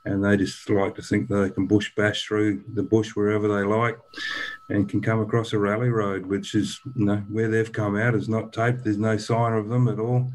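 An older man speaks in a low, even voice with little rise or fall. He talks like a long-time rally organiser in a relaxed interview, circling back and restarting his sentences as he goes. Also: rough recording. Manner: rambling, halting, many restarts. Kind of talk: casual interview.

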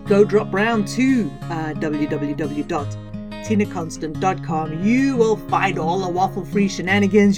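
A woman hosting a family storytelling podcast, narrating and then chatting in a bubbly, upbeat way. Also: medium pitch.

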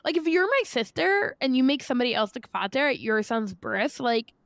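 An American woman host with a fairly high, smooth voice chats with her guest, supportive and quick to laugh. The recording sounds dry and close. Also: very animated, no room sound. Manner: supportive, chatty, laughs easily. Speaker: podcast host. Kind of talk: casual chat.

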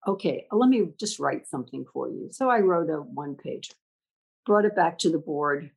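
This school leader is an older woman with a low, gravelly, slightly rough voice, speaking at a moderate pace on a low-quality recording. Reflective and conversational, she tells stories animatedly and performs the dialogue within them.

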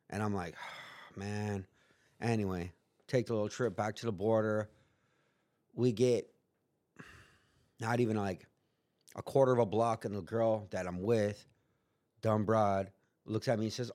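A man's voice: lowish voice, darkish tone. A man telling a story in casual chat, rambling and profane, acting out quotes in put-on voices. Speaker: guest.

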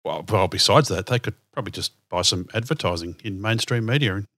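Host: man, low-pitched, bright and forceful tone, teasing, dry close sound. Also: lively intonation, fast talker, no room sound. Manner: teasing, wry, cynical banter. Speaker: podcast host. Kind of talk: casual podcast chat.

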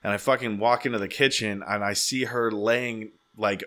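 Bright-voiced man telling a rowdy story. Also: lowish voice, normal speed. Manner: animated, swearing, acts out quotes. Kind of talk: casual storytelling.

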